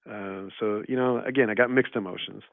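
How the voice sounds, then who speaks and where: A man's voice: fairly low pitch, steady tone, a little fast, vocal fry, no echo. A man chatting casually on a podcast, telling rambling stories with lots of "you know" and "like". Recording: tinny phone-like line, dry.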